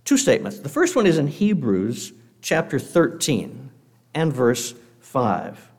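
A man giving a sermon to a congregation, earnest and measured, slowing down to read scripture aloud. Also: mid-range voice, sing-song, darkish tone, slightly rough. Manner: guest speaker addressing a congregation. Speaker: preacher.

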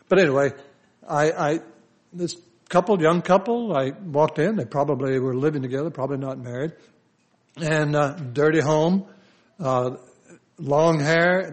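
An older man, a pastor, preaching a conversational sermon full of personal stories, often restarting his sentences. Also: fairly high pitch. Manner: conversational, anecdotal, with frequent restarts. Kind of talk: storytelling sermon.

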